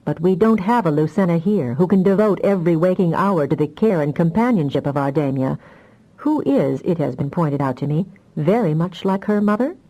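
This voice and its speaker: A fretful, fiery mother from a science-fantasy audiobook, pleading in a raised, strained voice. A woman narrator acts her out with a dark, mellow timbre. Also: lowish voice, animated, a little fast, rough recording. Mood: rueful. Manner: distressed, pleading, emotional. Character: anxious, fiery telepathic mother, adult woman.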